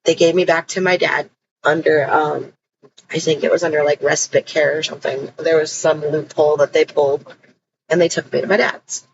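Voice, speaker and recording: A woman's voice: deep voice, steady tone, normal speed, lo-fi sound, noisy background. A woman telling her own story in a casual, blunt and emphatic way, swearing freely.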